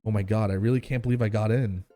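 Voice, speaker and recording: A man voicing an excitable teenage daughter in a game, gushing and squealing as he reads on a live stream. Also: on the low side, fast, soft background music, lightly acted. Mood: overjoyed.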